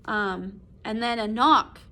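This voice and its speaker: Speaking slowly in a bright, forceful voice on the high side, a woman English teacher reads a short story aloud in a casual recorded lesson. After each passage she explains it, with plenty of fillers like "um", "like" and "right?".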